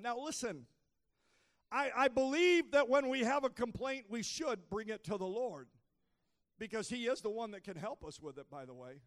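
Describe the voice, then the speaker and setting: High, gravelly preaching pastor. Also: male voice. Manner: preaching with rising intensity, frequent "uh" fillers, shouted exhortation. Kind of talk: sermon. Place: church sanctuary.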